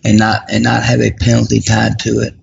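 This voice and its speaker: A grieving man, a recent widower, talking reflectively as a guest, often halting and restarting. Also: fairly low pitch, completely flat delivery, creaky, husky, lo-fi sound. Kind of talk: casual conversation.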